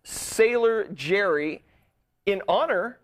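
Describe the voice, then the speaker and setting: A man's voice: high-pitched, takes it slowly. A man from Arizona hosting a casual late-night talk show, joking bawdily with his co-host. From Arizona, USA. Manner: animated, joking, bawdy. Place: studio.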